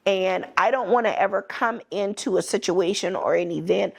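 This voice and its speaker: Blunt middle-aged woman with gravelly voice. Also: medium pitch, normal speed, hardly any pauses. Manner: blunt, emphatic and candid. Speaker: podcast host. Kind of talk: personal storytelling.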